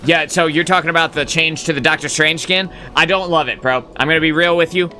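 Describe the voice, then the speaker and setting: A man's voice: on the high side, steady tone, fast, pushed and bright, soft background music. A man hosting a live gaming stream, talking casually in a rambling, filler-heavy way, blunt and sometimes profane as he answers chat.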